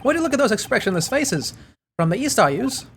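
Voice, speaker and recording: Streamer reading a boastful rich Irish moneylender, rough put-on Irish accent. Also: medium pitch, sing-song, fast, fairly bright tone, a little hiss or hum, pitched above the performer's own voice. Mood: swaggering.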